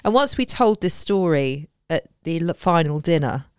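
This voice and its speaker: A woman's voice: low-pitched, expressive, moderate pace, a little mellow, smooth, dry recording, clean studio sound. A woman co-hosting a casual chat podcast, gushing and laughing often. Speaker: podcast co-host.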